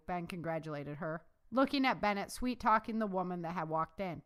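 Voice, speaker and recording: A woman author reading her own novel aloud in an expressive storytelling style. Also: on the low side, fairly quick. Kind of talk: audiobook narration.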